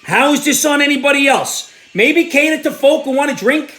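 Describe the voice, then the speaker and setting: Very high, bright-voiced ranting man. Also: expressive, normal speed, faint music behind. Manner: sarcastic, exasperated, bursts into shouting. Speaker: host. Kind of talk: ranting political commentary.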